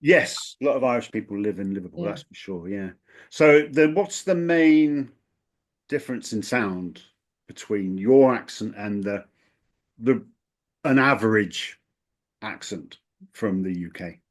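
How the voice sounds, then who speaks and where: A man's voice: fairly low pitch, expressive, a little slow. A man from the south of England hosting a casual interview, asking short follow-up questions. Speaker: language coach host.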